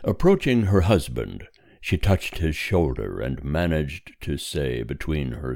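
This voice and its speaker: Very deep, slow male storyteller. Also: big pitch swings, a little mellow, no room sound, clean studio sound. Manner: slow, measured, grave reading. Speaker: narrator. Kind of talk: scripted story narration.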